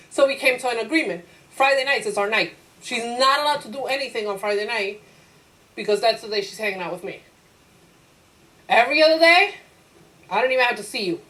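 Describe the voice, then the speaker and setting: A woman teacher giving a lively classroom lecture. She acts out her own inner voice in quotes, asks the class rhetorical questions and laughs easily. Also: fairly high pitch, rough recording.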